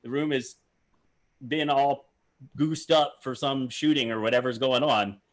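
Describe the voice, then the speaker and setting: A man co-hosting a casual reaction chat about a magic clip, animated, acting out quotes and searching for words. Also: medium pitch, a little slow.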